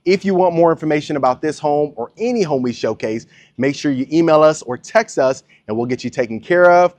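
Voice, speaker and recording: A man's voice: fairly high pitch, lively intonation, fairly quick, a little mellow. A man hosting a casual walking tour of a model home, chatty and salesy, talking straight to his viewers. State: a bit out of breath. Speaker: real estate tour host. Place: inside and around a model home.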